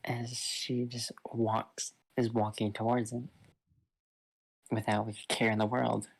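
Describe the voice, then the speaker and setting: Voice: mid-range voice, level tone, unhurried, gravelly. A person casually retelling a fan-fiction story, rambling and loose with lots of fillers.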